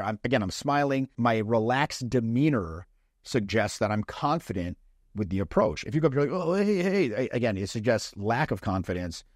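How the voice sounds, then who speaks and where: A man's voice: on the low side, no echo. Guy giving dating advice, blunt and sweary, dry close sound, acts out little lines. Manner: blunt and profane, acts out quick mock lines. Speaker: dating coach. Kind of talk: casual coaching talk.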